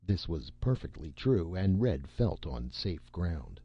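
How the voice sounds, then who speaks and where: A man narrating a science fiction story as an audiobook, expressive and shifting into character voices. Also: deep voice, slow, few pauses, husky, dry recording. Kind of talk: scripted narration. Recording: dull lo-fi, dry.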